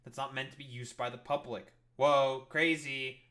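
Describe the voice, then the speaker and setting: A man's voice: mid-range voice, level tone, fast talker, fairly bright tone. A man streaming a reaction to a clip, ranting about politics with constant swearing and mocking exasperation. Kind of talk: profane political rant.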